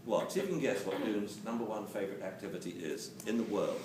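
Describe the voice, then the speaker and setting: A man giving a lively, jokey lecture on dog training to a live audience, acting out quotes as he goes. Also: lowish voice, quick pace. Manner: animated, jokey, acts out quotes. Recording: roomy, distant camera mic with hiss.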